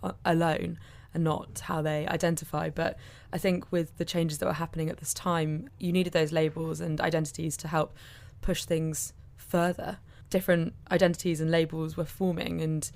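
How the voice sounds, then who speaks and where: A woman's voice: sits low, level tone, normal speed, vocal fry, hardly any pauses, darkish tone. A woman hosting a podcast, narrating from a script in a thoughtful, explanatory way. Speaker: podcast host.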